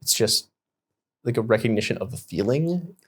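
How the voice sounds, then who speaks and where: A man's voice: medium pitch, expressive, normal speed, slightly rough. A man co-hosting a podcast who asks thoughtful, probing questions in casual conversation. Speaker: podcast co-host.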